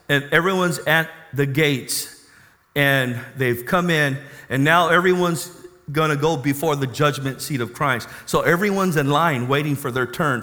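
A man preaching a sermon as a pastor, animated and questioning the congregation. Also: a little high. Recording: reverberant hall.

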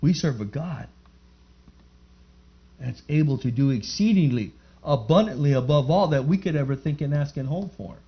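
A man's voice: fairly high pitch, animated, moderate pace. Fervent man preaching a testimony, muffled. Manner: fervent, rising to emphatic praise. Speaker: church speaker giving testimony. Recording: muffled lo-fi recording.

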